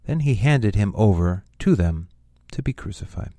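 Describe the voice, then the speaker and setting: A man reading a Gospel passage aloud in a measured, steady way. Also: fairly low pitch, dry recording. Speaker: scripture reader.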